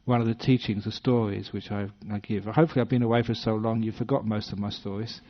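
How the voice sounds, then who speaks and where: Gentle storytelling English monk. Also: male voice, on the low side, flat delivery, fast. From British-born, based in Western Australia. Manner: gentle humorous storytelling with acted voices. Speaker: Buddhist monk giving a dharma talk. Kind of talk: storytelling dharma talk. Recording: dull lo-fi talk recording.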